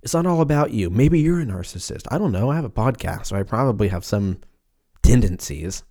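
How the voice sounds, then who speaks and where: A man's voice: lowish voice, lively intonation, brisk, warm tone. Rambling American man with a slight lisp. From United States. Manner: profane, joking, stumbles over words. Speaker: podcast host. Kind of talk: casual rambling chat.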